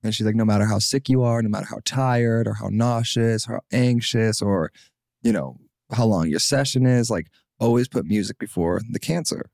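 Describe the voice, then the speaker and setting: A man's voice: fairly low pitch, normal speed, creaky, no room sound, studio quality. A young man in his twenties, a singer-songwriter guest on a podcast, telling his story casually with lots of fillers and acted-out quotes. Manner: animated, acts out quotes, many fillers.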